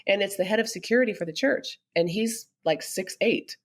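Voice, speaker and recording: Animated storytelling woman, middle-aged. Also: mid-range voice, brisk. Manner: animated, laughs often while telling stories. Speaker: podcast guest. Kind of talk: candid conversational storytelling.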